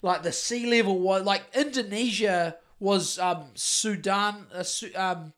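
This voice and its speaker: A man's voice: sits high, unhurried, a bit bright. A middle-aged man with a New Zealand accent, ranting and swearing heavily in casual podcast chat. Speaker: podcast host.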